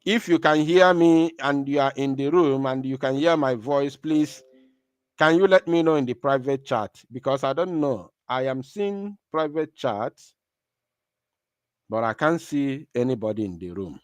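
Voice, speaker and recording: A man speaks straight to his live-stream audience, emphatic and rallying, repeating his points. His voice sits at a middling pitch, and the sound is dry and close. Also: animated, a little slow, smooth, no room sound.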